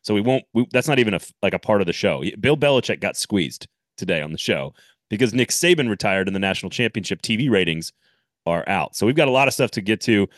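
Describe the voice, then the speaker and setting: Lively lower-voiced male podcast host. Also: quick pace, no room sound, clean studio sound. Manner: animated, laughs often, rambling restarts. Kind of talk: casual sports podcast chat with ad read.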